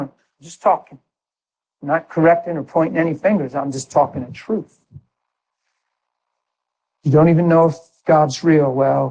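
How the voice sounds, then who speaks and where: Man, high voice, testimony sermon, excitable, hushed to shouting. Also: slightly rough, poor audio. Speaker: preacher giving testimony.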